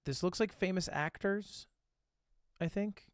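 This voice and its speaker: In an unhurried, high-pitched voice, a man livestreams a guessing game, casually working through his guesses aloud. His commentary is full of swearing and jokes at his own expense, with no room sound.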